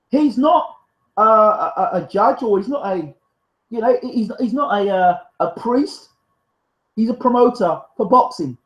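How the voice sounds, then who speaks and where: A man with a very high voice hosts a live stream, reading viewer comments aloud and arguing back in a fiery, defensive, emphatic way. The recording is low quality with a roomy sound.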